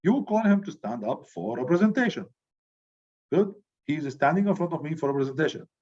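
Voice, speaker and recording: A middle-aged man teaching a class, speaking loudly and with energy, checking in with the students by saying "good" after each point. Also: a little high, fairly quick. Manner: loud, animated, repeats "good" as a check-in. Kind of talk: classroom lecture. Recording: dull lo-fi recording.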